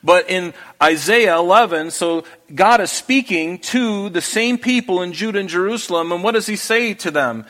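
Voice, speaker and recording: A man's voice: high voice, normal speed, few pauses, fairly bright tone. A man giving a verse-by-verse Bible teaching and reading scripture aloud with emphatic rises.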